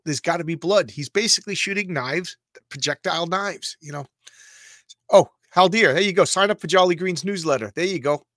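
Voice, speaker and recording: A middle-aged man from Long Island talks through old comic pages, stumbling over his words with excitement. His voice sits a little high for a man, and the sound is dry and close with no room echo. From Long Island, New York. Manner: excitable, stammering repeats, rambling asides. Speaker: comics show host. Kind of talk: casual comic read-through commentary.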